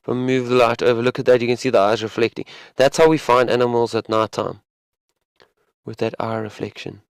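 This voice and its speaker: A man's voice: mid-range voice, steady tone, brisk, gravelly, smooth, no echo. A man with a South African accent, a safari guide chatting casually on a live stream from an open vehicle and reading out viewer comments.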